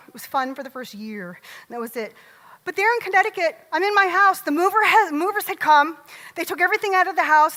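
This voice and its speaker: A middle-aged woman delivers a lively, joking motivational talk from a stage, firing questions out at the crowd. Her voice is high and bright, and it rings out through the long reverb of a large hall. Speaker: motivational speaker.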